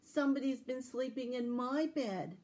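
A woman voicing a calm, medium-sized mother bear in a read-aloud fairy tale, in a gentle storytelling voice. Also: high-pitched, moderate pace, close to an everyday voice. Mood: puzzled.

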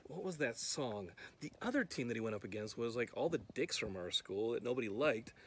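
A man's voice: mid-range voice, expressive, brisk, a little hiss or hum. A man recording a casual, comedic video clue, rambling and sounding puzzled. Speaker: podcast host giving a video clue.

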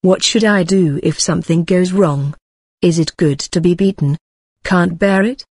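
An anxious young woman pleads and frets in a storybook reading, read by a female narrator. The voice is breathy and a little low, dry and close. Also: measured pace, a little mellow, no echo. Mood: pleading.

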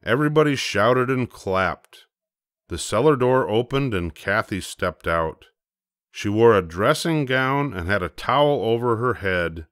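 An older man reading a children's storybook aloud, slow and gentle. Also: lowish voice, lively intonation, no room sound, studio quality. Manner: slow, gentle, measured narration. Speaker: storybook reader. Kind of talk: bedtime story read-aloud.

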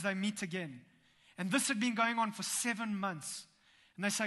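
Bright high-voiced male preacher. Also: fairly quick. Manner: lively storytelling with humorous asides. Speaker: pastor. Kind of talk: sermon. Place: church sanctuary. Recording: long church hall reverb.

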